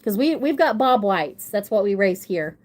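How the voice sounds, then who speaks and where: A woman's voice: medium pitch, very animated, normal speed, a little mellow. A young adult woman telling a rambling, self-deprecating story in casual chat on a livestream, with a runny nose. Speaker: livestream guest.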